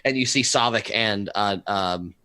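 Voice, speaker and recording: A man narrating a tabletop game as game master, in a relaxed way with plenty of ums. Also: fairly low pitch, measured pace. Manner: relaxed, filler-heavy narration.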